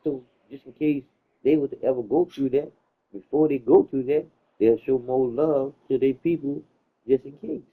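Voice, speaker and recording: A man's voice: mid-range voice, moderate pace. A man chatting casually, telling stories in a loose, slangy way, with plenty of cursing. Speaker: host. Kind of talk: casual chat. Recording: tinny phone-like sound.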